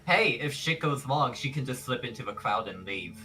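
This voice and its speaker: A man playing a tabletop game, planning out loud with hesitant fillers. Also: medium pitch, animated, moderate pace, rough recording. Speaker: player. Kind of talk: casual tabletop play.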